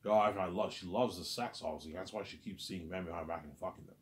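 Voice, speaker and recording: A man's voice: low-pitched, quick pace, slight background noise. A man delivering a rambling, agitated vlog monologue, stammering and repeating himself. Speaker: vlogger.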